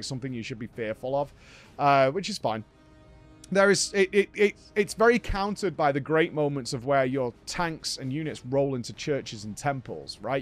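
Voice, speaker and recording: A man hosting a gaming show, recapping a game in a rambling, enthusiastic way. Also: fairly high pitch.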